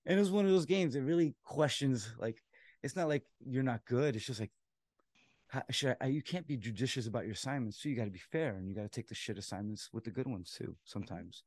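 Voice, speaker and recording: A man, a softball umpire and co-host, telling a story in casual chat, laughing as he acts out what people said. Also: mid-range voice, brisk, no echo, studio quality. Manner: animated storyteller, laughs while acting out quotes.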